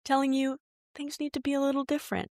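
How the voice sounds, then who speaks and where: A woman's voice: high-pitched, completely flat delivery, quick pace, a little mellow, dry recording, clean studio sound. A woman hosting a podcast who speaks in an earnest, reflective way and quotes her own thoughts in casual chat. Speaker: podcast host.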